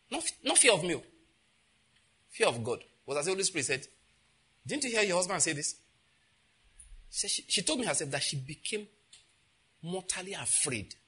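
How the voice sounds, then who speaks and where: A man preaching a sermon as pastor, animated and laughing as he acts out what others say. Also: a little high, breathy edge.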